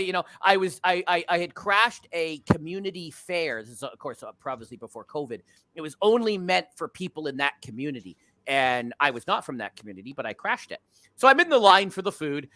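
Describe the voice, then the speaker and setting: Animated, bright-voiced male podcast host. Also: on the high side, quick pace, dry recording. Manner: rambling storyteller, laughs mid-sentence. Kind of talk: casual chat.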